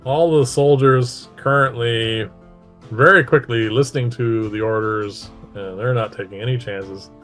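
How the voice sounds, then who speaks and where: A man narrating a tabletop game as game master, halting with frequent fillers between phrases. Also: mid-range voice, a bit bright, soft background music.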